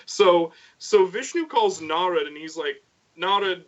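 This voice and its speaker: A man on a casual podcast stream, retelling a myth in lively detail and briefly voicing the characters as he goes. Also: sits high, unhurried. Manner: animated storyteller, voices characters in passing. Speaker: co-host. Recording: dull lo-fi sound.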